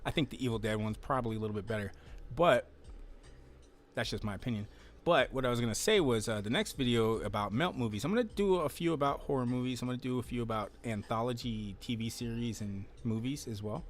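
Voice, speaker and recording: A man with a medium-pitched voice talks at a quick pace while hosting a casual livestream from home, with slight background noise. He rambles in a laid-back way and swears now and then, speaking into a close desk mic that he later pulls even closer.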